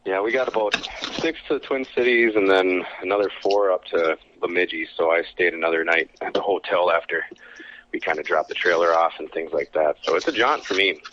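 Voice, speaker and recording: A man who is a guest lure maker, talking in a relaxed, matter-of-fact way over a phone call. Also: deep voice, brisk, slight background noise. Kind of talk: casual interview chat.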